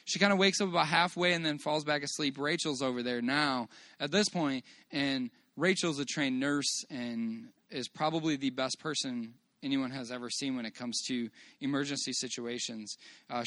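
A man's voice: medium pitch, a bit bright, no room sound. Earnest man sharing a church testimony. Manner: earnest, halting storytelling with praise to God. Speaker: father giving a church testimony. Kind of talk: personal testimony to a congregation. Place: church meeting room.

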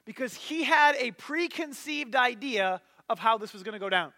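Bright, high-voiced man preaching casually. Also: moderate pace. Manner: casual, animated retelling with filler words. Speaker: pastor. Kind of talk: sermon storytelling.

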